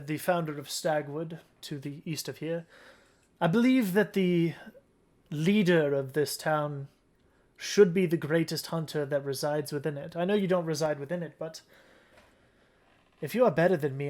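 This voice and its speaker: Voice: medium pitch, moderate pace, a little mellow, close to an everyday voice. A game master voicing a proud male hunter who founded a town, boastful and challenging in a tabletop game. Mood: formal challenge.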